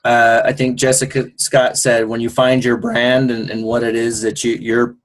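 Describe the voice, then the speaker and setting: Man, mid pitch, upbeat group coach on a video call, loose and encouraging. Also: completely flat delivery, normal speed. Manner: enthusiastic, encouraging, loose and rambling. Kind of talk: casual motivational group call.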